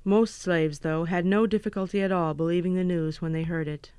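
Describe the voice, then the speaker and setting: A man's voice: sits high, steady tone, a little fast, darkish tone, clear, resonant tone, dry recording. A man narrating the linking passages of a book reading in a plain, formal way. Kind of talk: scripted narration.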